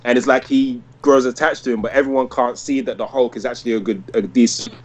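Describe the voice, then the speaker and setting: A man in his thirties co-hosting a casual podcast. He tells long, winding stories packed with "like" and restarts. His pitch sits in an ordinary middle range. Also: fairly even intonation, quick pace. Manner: rambling storyteller, heavy use of "like". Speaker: podcast co-host. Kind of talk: casual chat.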